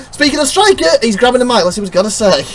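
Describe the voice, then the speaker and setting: An excitable commentator calling a wrestling game with a lively, bouncing voice. The exclamations come thick and fast. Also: medium pitch, crowd noise. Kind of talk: playful play-by-play commentary.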